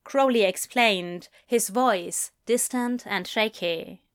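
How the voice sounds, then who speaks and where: A woman narrating a fan fiction story in a soft, gentle storytelling manner. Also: mid-range voice, slow pace. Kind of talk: audiobook fan fiction reading.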